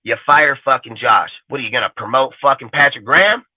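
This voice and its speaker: A man's voice: medium pitch, a little fast, husky, no echo. A man hosting a sports talk show, ranting in a profane, fired-up way about his team. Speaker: podcast host. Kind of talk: casual sports rant. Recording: dry, phone-like lo-fi audio.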